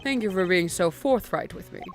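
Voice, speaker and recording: A woman voicing a composed, polite male prosecutor in a video game, speaking in a measured, formal way. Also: medium pitch, animated, soft background music, pitched below the performer's own voice, close to an everyday voice.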